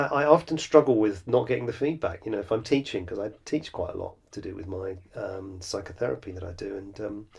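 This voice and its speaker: Fairly low, creaky, mellow, and a bit rough, the voice belongs to a middle-aged man who hosts a podcast and writes songs. He muses alone in a rambling, self-deprecating monologue, stumbling through fillers and restarts.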